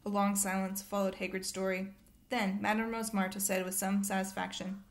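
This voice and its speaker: A woman reads a novel aloud at a steady pace. Her narration is plain and even, in a clear storytelling voice. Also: mid-range voice, brisk. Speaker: reader.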